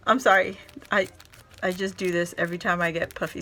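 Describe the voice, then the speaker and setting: A woman hosting a casual crafting vlog, gushing and excitable as she shows off a handmade gift and talks to her viewers. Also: on the low side, brisk. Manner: gushing, excitable, squeals and laughs often; addresses viewers as "guys". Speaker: crafting video host.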